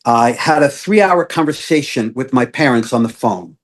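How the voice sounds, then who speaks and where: A man's voice: medium pitch, animated, normal speed. A man, a guest coach, earnestly telling an emotional personal story with many fillers and restarts. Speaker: guest, self-awareness coach.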